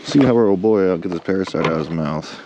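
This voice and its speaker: A man vlogging while fishing, chatting casually and getting excited, talking to the fish he catches. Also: sits low, fast talker, noisy background. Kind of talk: casual chat. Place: on a boat outdoors.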